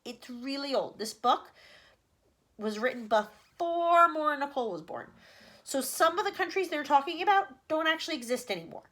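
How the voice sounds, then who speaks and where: A woman's voice: high-pitched, big pitch swings, moderate pace, a bit bright. A woman teacher reading a chapter book aloud to children, breaking off for chatty asides.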